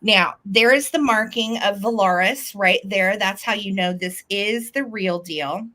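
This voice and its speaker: Woman, American accent, bubbly live-sale host, crisp bright tone, counts down bids. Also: medium pitch, measured pace. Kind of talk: live online auction selling.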